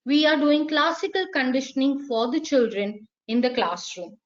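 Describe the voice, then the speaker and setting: Lively high-voiced teacher. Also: female voice, moderate pace, muffled recording. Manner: lively, playful, acts out sounds and voices. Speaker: teacher trainer. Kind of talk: live online lecture.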